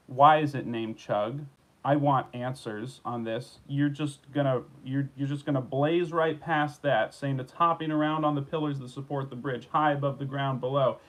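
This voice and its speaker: A man's voice: medium pitch, fairly even intonation, normal speed, low-quality recording. A man hosting his own show, reading odd news stories aloud and riffing on them sarcastically, full of restarts and asides, recorded at home. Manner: rambling, sarcastic, restarts and riffs on news he reads. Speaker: host. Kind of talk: solo comedic news rant.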